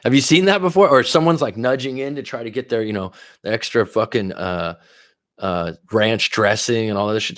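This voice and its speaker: A man's voice: on the low side, normal speed, no room sound, clean studio sound. A man coaching on a livestream, chatting casually and swearing freely as he reacts to viewer comments. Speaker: life coach hosting a livestream.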